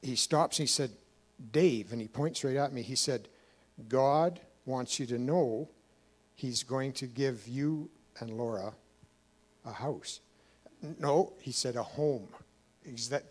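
A man with a medium-pitched voice speaks slowly as a guest at a church, giving an emotional personal testimony. His account rambles, with many fillers and restarts.

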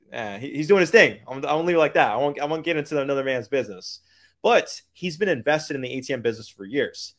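A man giving a hyped motivational business pitch, using street slang and repeating lines for emphasis. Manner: hyped, keeps calling out to "guys". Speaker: business coach.

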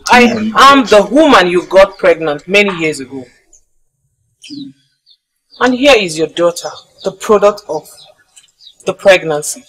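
A woman's voice: medium pitch, animated, unhurried, long pauses, a bit bright, slightly rough, rough recording. An actress with a Nigerian accent playing a mother seeking her child's father in a Nollywood drama, earnest and pressing. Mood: accusing. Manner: earnest, polite but pressing.

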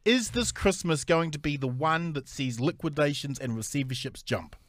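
A man's voice: on the high side, normal speed, fairly bright tone, no echo. A man hosting a political podcast panel, teasing his guests in a mock-grand manner. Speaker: podcast host.

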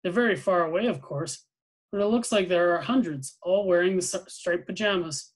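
A man's voice: high voice, moderate pace. A man reading aloud as an earnest, curious young boy who answers carefully and with some hesitation.

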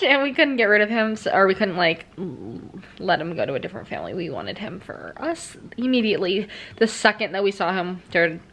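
A woman's voice: medium pitch, a bit bright. A chatty young woman, vlogging casually from the couch in her living room. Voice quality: slight lisp from a new tooth crown. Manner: chatty, rambling, many fillers. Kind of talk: casual vlog chat.

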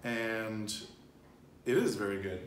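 A man's voice: lowish voice, slow, slight background noise. Chatty man teaching in a roomy room. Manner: chatty, loose, laughs easily, restarts and digresses. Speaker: Spanish teacher. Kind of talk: casual language lesson. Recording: roomy home recording, faint ambience.

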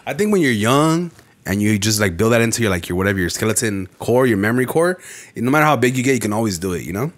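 A young man co-hosting a casual podcast, telling rambling, profane stories with animated energy. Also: fairly low pitch, fast talker. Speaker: podcast co-host. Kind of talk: casual chat.

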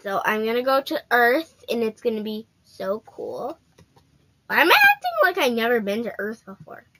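A woman's voice: fairly high pitch, sing-song, moderate pace, fairly bright tone. A female gaming host giving casual, playful commentary straight to her viewers while she plays.

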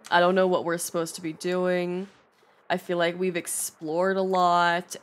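A woman's voice: lowish voice, a little hiss or hum. A young adult woman streamer giving casual gameplay commentary, stressed and swearing often. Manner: stressed, swears often, laughs, reads game text aloud. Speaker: streamer playing a video game. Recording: faint game music behind.

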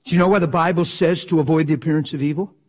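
A man preaching with fervor, his voice sitting a little higher than most men's. He swings between booming lines and near-whispers and talks in a plain, folksy way. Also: steady tone, racing. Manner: impassioned, swings from loud to hushed whispers; folksy, drops into slang like "ain't". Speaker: pastor. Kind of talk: sermon.

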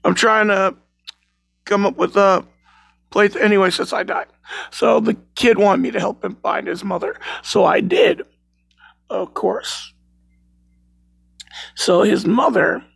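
A man's voice: sits high, takes it slowly, creaky, fairly bright tone, husky, no echo. A man telling a scary work story in a rambling, self-correcting way, recorded on a phone. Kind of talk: casual spoken scary story.

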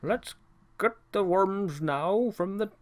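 A man's voice: high voice, slow pace, pitched above the performer's own voice. A man voicing a nervous little male monster servant who mutters to himself as he works. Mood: fretful.

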